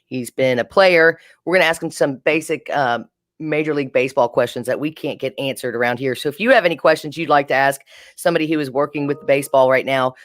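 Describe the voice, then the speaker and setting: Brisk female radio co-host, dry studio. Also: a bass voice, dry recording. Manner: brisk, conversational storyteller. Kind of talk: casual talk radio.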